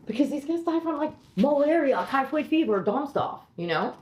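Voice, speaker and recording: A woman's voice: sits high, sing-song, moderate pace, a little mellow, roomy sound, a little hiss or hum. A woman co-hosting a podcast, chatting casually in a blunt, rambling way and leaning heavily on "like". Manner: blunt, rambling, heavy use of "like". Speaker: podcast co-host, comedian. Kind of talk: casual chat.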